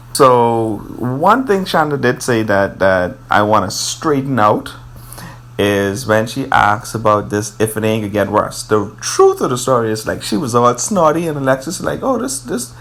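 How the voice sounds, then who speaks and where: Man telling his side, teasing, voice swings up and down a lot. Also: medium pitch. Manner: teasing, quick asides, animated. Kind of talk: casual storytelling.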